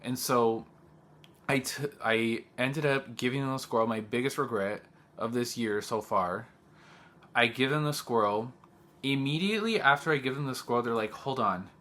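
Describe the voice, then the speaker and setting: A young male teacher tells a personal story in a casual vlog, his mid-range voice sharp in tone and moving at normal speed. He sounds agitated, says "like" constantly, and quotes the other people involved.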